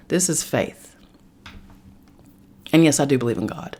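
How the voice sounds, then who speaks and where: A woman's voice: a bass voice, moderate pace, long pauses, a little mellow, slightly rough. A woman telling a personal story in a casual podcast monologue, dropping to whispers when she quotes people. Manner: intimate, drops to a whisper for quoted lines. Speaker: podcast host.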